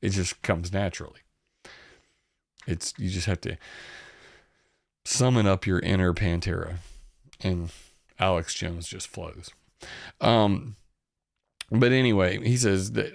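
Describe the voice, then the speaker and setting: A man from the Southern US, with a fairly low, gravelly voice and a Southern accent, speaks slowly and pauses often. Hosting his own channel, he gives rambling, sarcastic commentary on the news and swears freely. The recording is dry, with clean studio sound.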